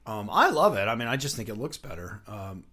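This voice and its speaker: Middle-aged man, low voice, interview guest, chatty, rambling, restarts sentences. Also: very animated, fairly quick, sharp tone. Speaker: guest, puppetry writer and director. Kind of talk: casual interview talk.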